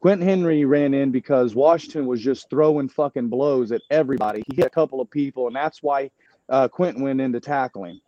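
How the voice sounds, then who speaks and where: A fighter recounting a brawl in casual, profane, rambling talk, full of restarts. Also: male voice, medium pitch, brisk, warm tone, dull audio. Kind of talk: casual storytelling.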